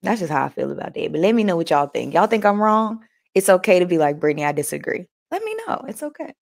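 A woman's voice: lowish voice, quick pace, gravelly. A woman hosting a casual motivational talk, chatting folksily with viewers, laughing often and reading aloud from a book between their comments. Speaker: host.

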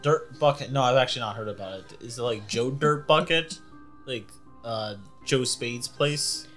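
A man's voice: mid-range voice, normal speed, fairly bright tone, faint music behind, lightly acted. A man doing a chummy, cocky movie star. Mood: breezy.

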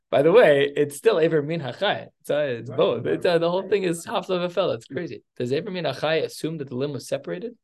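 A man teaches a text study group in a gravelly voice. He tells the story with animated asides and quick questions to his students. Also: fairly high pitch. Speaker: teacher leading a study class.

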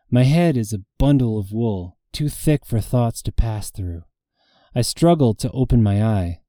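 A man reads a first-person fantasy story in a measured, intimate way, voicing the dialogue as he goes. His voice is very dark and mellow, recorded close and dry with no room sound. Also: on the low side, no echo. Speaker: audiobook narrator.

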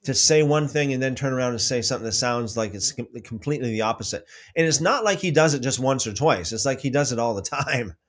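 A man hosting a casual livestream about faith, reading out viewer comments and telling stories with many restarts. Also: fast. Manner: rambling, restarts often, lively pitch swings when telling stories.

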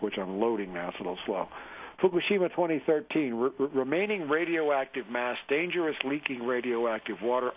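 A man hosting a live radio talk show, reading news articles aloud and commenting earnestly, often stumbling and restarting his words. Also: mid-range voice. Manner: halting, many restarts and fillers, earnest. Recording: tinny phone-like radio audio with faint noise.

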